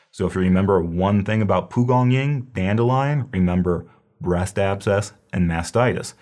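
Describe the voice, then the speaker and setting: A man's voice: fairly low pitch, darkish tone. A man giving a casual, explanatory recorded lecture on herbal medicine, repeating key terms as he goes.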